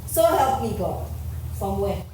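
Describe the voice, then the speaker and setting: A woman reading quiz prompts to a guest in a brisk, teasing way. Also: mid-range voice, sing-song, mellow, slight background noise. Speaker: quiz reader. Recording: distant voice in a very echoey room.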